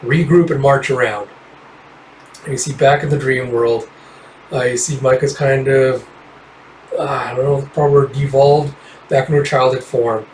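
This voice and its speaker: A man's voice: medium pitch, little pitch movement, normal speed, roomy sound, far from the mic, a little hiss or hum, poor audio. A man casually reading through a comic book, summarizing panels in a rambling, offhand way with fillers and swearing.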